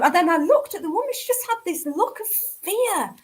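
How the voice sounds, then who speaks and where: A woman's voice: very high-pitched, animated, normal speed. A woman in her fifties with a northern English accent, chatting as a radio guest and telling stories with easy laughter. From north of England. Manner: chatty storyteller who laughs easily. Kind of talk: casual radio chat.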